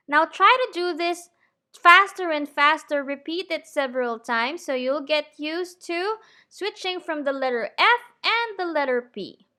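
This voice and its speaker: A woman teaching English pronunciation in a slow, clear lesson. She is patient, often checks in with "okay?" and drills words slowly and deliberately. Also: high-pitched, expressive, pushed and bright.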